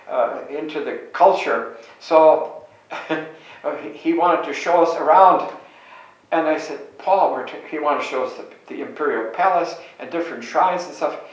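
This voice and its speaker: A man's voice: a little high, moderate pace. An older man from Chicago, a Catholic priest, telling anecdotes from memory in a meandering way and often correcting himself mid-sentence. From Chicago, USA. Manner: meandering, self-correcting storyteller. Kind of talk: reminiscing anecdotes. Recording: very echoey room, distant mic.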